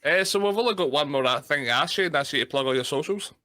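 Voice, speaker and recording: A Scottish man hosts a casual chat and throws in quick jokes. His voice is fairly high and bright with a forceful edge. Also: expressive, no echo, clean studio sound. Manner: chiming in with jokes. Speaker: host.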